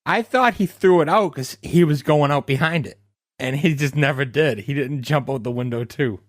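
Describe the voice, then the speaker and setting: A man's voice: on the high side, moderate pace, no room sound, clean studio sound. A man co-hosting a casual podcast, emphatic and swearing freely. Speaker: podcast co-host. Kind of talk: casual chat.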